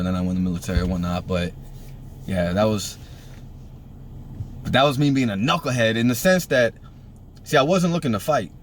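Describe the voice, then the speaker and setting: Over slight background noise, a Puerto Rican man in his thirties speaks in a mid-range voice. He's casually telling a story full of swearing. He animatedly acts out the people in it, quoting them in a raised voice.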